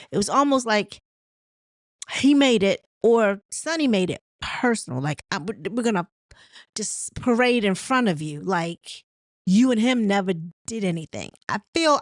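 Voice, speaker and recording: A woman's voice: medium pitch, big pitch swings, moderate pace, dry recording, clean studio sound. A woman hosting a casual recap show, retelling the dialogue in a chatty, storytelling way with candid, opinionated asides. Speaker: host of a reality TV recap show.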